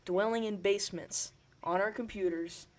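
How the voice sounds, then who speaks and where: A young man co-hosting a casual podcast chat, hesitant and full of ums and pauses. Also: sits high, steady tone, crowd noise. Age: young adult. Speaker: podcast co-host.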